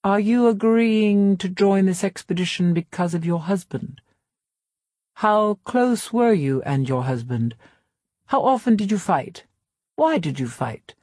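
A woman's voice: mid-range voice, animated, a little slow, warm tone, no room sound, clean studio sound. A woman reading a wheezing, wounded psychologist. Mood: probing. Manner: probing, clinical questioning. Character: gravely injured woman psychologist, wheezing and delirious.

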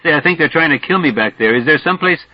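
A man's voice: fairly high pitch, animated, quick pace, no room sound, pitched above the performer's own voice. A man voicing a frightened but cheeky young American man who talks in a jittery way. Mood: nervous. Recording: dull dry studio sound.

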